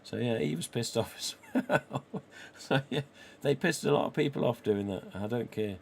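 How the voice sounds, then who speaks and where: A man's voice: medium pitch, normal speed, gravelly, darkish tone, a little hiss or hum. A man in his forties with an English accent, hosting a casual live stream and chatting, swearing freely, and acting out the dialogue he quotes. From England. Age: 40s.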